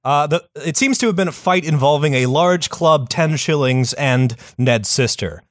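A man's voice: a little high, lively intonation, normal speed, dry recording, clean studio sound. A young man co-hosting a comedy podcast, telling a history story in a casual, profane, laid-back way. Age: young adult.

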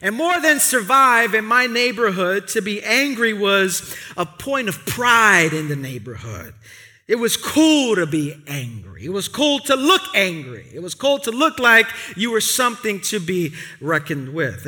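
New male pastor, high bright voice, chatty storytelling sermon, big reverberant church. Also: moderate pace. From Brooklyn, New York. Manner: lively conversational storytelling. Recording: long reverb of a large hall.

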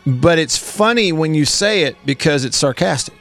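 A man's voice: a little high, lively intonation, moderate pace, a bit bright, soft background music. A man hosting a country radio show, chatting casually and rambling with a co-host, often laughing. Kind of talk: casual on-air banter. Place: radio studio.

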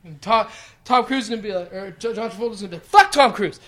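A man's voice: high-pitched, very fast, a bit bright. A man in his thirties, co-hosting a podcast, tells rambling, profane stories and acts out the quotes. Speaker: podcast co-host. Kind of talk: casual podcast chat.

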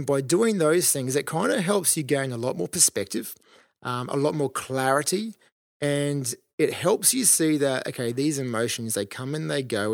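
Male solo podcast host, gravelly tone, dry studio sound, encouraging delivery with ums. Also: mid-range voice, no room sound. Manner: earnest, encouraging, many ums and restarts.

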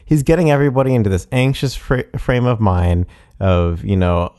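A man's voice: medium pitch, moderate pace, warm tone. A man commenting on a speech clip in a conversational, admiring way, with fillers and self-corrections.

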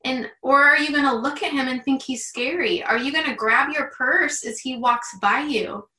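Earnest, bright-voiced woman in an echoey room. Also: high-pitched, moderate pace, recorded from a distance. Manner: earnest, heartfelt, chatty with many "like" fillers. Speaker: guest. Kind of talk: candid conversation.

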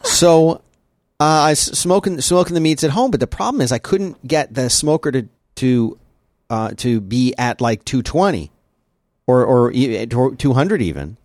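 A man hosts a casual podcast, rambling from thought to thought with plenty of restarts. His pitch swings widely as he talks, and the sound is dry and close, with no room around it. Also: normal speed, no echo. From lives in Central Texas. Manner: rambling and lively, with many restarts. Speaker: podcast host. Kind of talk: casual chat.

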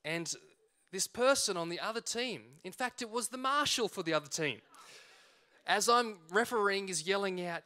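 High-voiced pastor telling a story. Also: male voice, moderate pace, clean tone. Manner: animated storytelling, acts out shouts and quotes. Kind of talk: sermon with personal story.

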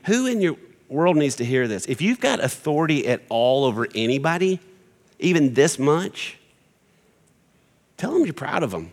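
A middle-aged man preaching a sermon, animated and joking as he acts out quotes for a church congregation. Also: fairly high pitch, moderate pace, gravelly. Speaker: pastor. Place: large church hall with congregation. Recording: long hall reverb.

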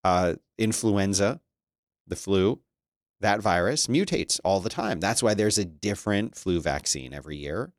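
A man's voice: low voice, measured pace, no echo. Guy streaming, mocking the news, voice jumps all over, laughs a lot, dry close mic. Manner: sarcastic, animated, laughs often. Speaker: streamer reading chat and news. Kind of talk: casual commentary.

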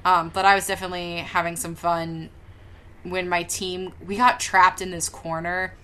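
A woman co-hosting a podcast, telling stories in a casual, animated way with laughter and casual swearing. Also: on the low side, moderate pace, slight background noise. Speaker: podcast co-host. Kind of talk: casual chat.

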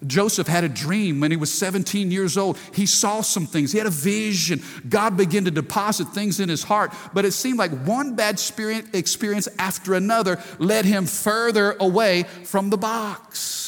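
A man in his forties preaches a sermon in a high voice, often throwing rhetorical questions to the congregation. His voice carries with a long reverb, as in a large church hall. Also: normal speed, few pauses. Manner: preacherly, calls for audience response. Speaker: pastor.

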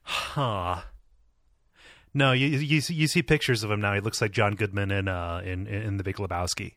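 A man co-hosting a podcast chats casually, rambling with many restarts and laughing frequently. His lowish, fairly bright voice moves at a moderate pace, captured in a dry recording with clean studio sound.

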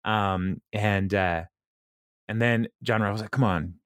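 A man hosting a casual chat, retelling an episode in a halting, rambling way with frequent chuckles. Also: on the low side, fairly even intonation, fairly bright tone, smooth, dry recording, studio quality. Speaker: podcast host recapping a TV episode.

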